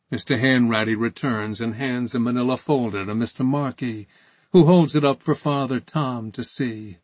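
A man reading a story aloud in a measured, calm narration. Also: mid-range voice, dry recording. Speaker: audiobook narrator. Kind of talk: scripted narration.

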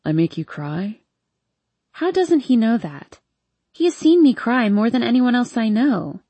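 A woman reading a first-person romance novel aloud in a soft, intimate storytelling manner. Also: on the high side, very animated, normal speed, no echo. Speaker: audiobook narrator.

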